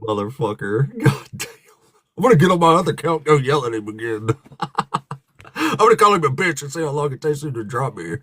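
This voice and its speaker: A man's voice: a little high, sing-song, a little fast, a bit bright, breathy edge. A man hosting a livestream debate, mocking and swearing constantly while talking over callers. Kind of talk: profane casual livestream chat.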